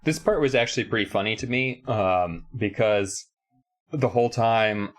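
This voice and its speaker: A man's voice: on the low side, moderate pace. A man co-hosting a podcast, recapping a book in casual chat, rambling and joking with lots of fillers. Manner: rambling, jokey, many fillers. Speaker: podcast co-host.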